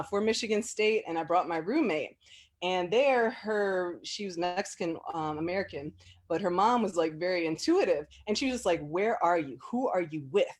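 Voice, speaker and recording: A woman casually sharing personal memories as an interview guest, chatty and full of fillers, often laughing. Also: fairly low pitch. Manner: animated when quoting people.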